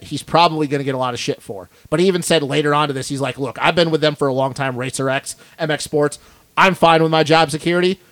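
A man's voice: a little high, fairly bright tone, no echo. A man co-hosting a podcast in a studio, ranting bluntly and swearing a lot in casual chat. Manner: blunt, profane, fired-up ranting. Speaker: podcast co-host.

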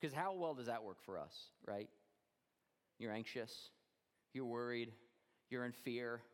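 Expressive man preaching in a reverberant church. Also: unhurried. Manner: expressive, drops low and quiet for emphasis. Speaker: pastor. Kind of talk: sermon.

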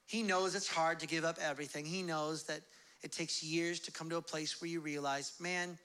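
A man preaching a sermon as pastor, casual and animated, acting out the voices of God and his listeners. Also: a little high, a little fast. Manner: casual, conversational preaching with fillers.

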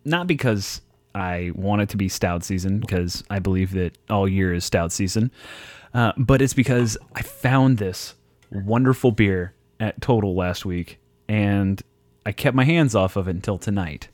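A man's voice: on the low side, a little slow, darkish tone, no echo. A man co-hosting a casual chat show, telling rambling stories laced with profanity. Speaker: podcast co-host.

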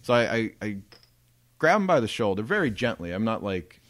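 Low-voiced man telling a rambling story. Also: sing-song, a little fast, a bit bright, no room sound. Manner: rambling storyteller, swears freely, laughs often. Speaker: podcast co-host. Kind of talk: casual podcast storytelling.

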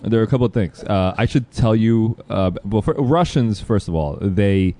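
A man with a low, dark and mellow voice hosts a loose comedy podcast conversation. He rambles, jumps from topic to topic and breaks into laughter as he tells stories. His delivery is loose and chatty. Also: expressive, normal speed. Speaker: podcast host. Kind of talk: casual comedic chat.

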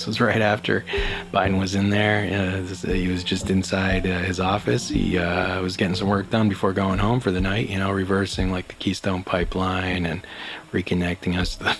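Male podcast host, low voice, calm, rambling, self-amused, music bed behind. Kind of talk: casual solo monologue. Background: background music.

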